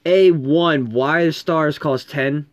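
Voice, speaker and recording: A man co-hosting a casual chat, ranting and swearing through quick complaints. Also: on the high side, a crowd in the background. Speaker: podcast co-host. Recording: dull lo-fi dry sound.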